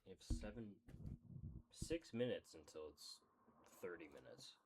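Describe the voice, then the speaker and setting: A man's voice: low-pitched, expressive, a little mellow, a little hiss or hum. A man casually reading a character book aloud, often stumbling over words, correcting himself and apologizing. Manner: slow, halting reading. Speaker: hobby reader of a character book. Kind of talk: casual read-aloud with asides.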